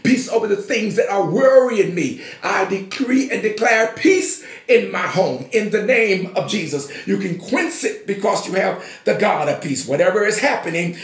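A man with a high voice preaches a sermon, building from steady declarations into emphatic shouts. His voice carries through an echoey room, as if in a church sanctuary. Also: normal speed, few pauses. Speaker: pastor.

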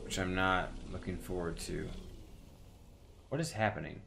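A man's voice: low voice, measured pace, creaky, noisy background. A man commentating his own gameplay casually, mocking himself and yelping when things go wrong. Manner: self-mocking, excitable yelps. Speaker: gaming streamer.

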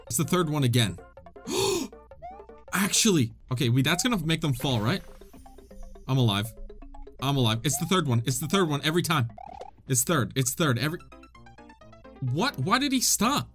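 A young man giving excitable let's-play commentary, often yelping and shrieking in frustration. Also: medium pitch. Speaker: gaming video creator.

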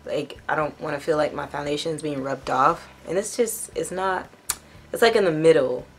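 Casual young female beauty vlogger, deep congested voice, talks in loose rambling asides. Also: normal speed, slight background noise. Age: young adult. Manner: chatty, rambling with self-corrections. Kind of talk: casual makeup box review.

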